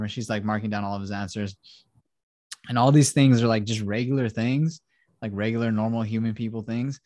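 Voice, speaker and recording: A man's voice: fairly low pitch, steady tone, a little fast, darkish tone, no room sound, clean studio sound. A man hosting a casual podcast, animatedly retelling a film scene by scene, acting out the characters and swearing freely. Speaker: podcast host.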